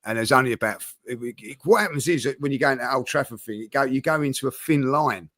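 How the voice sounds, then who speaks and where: A football fan pundit chats casually on a panel, rambling with lots of fillers and restarts. His mid-range voice is quick and a bit bright, and the recording is dry.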